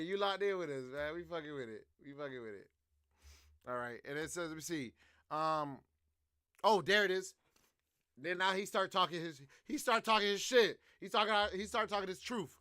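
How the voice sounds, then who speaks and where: Loud slangy young male streamer. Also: high voice, normal speed, clear, resonant tone, no room sound, clean studio sound. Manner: loud, slangy, animated riffing. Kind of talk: casual reaction stream commentary.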